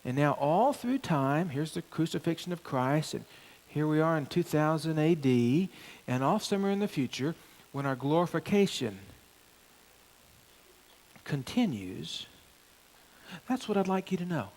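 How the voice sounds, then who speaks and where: A man's voice: on the high side, unhurried. A middle-aged male pastor preaching a sermon in church, pressing hard on key phrases and stepping through the verses to the congregation. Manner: animated preaching, rising emphasis on key phrases.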